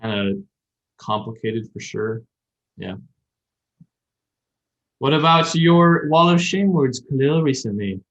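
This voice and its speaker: A man chatting casually on a podcast, working through word meanings with plenty of "um" and "like" and frequent restarts. His voice sits at an ordinary middle pitch, and the recording sounds a bit dull and lo-fi. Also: expressive, takes it slowly, long pauses. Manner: rambling, explains with many fillers and restarts. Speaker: podcast co-host. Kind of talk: casual chat about learning Japanese.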